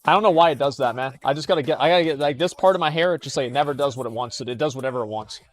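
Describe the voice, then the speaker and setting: A man's voice: mid-range voice, rapid-fire. A young man streaming casual commentary as he reads forum posts aloud, blunt and scornful, swearing, stammering and restarting.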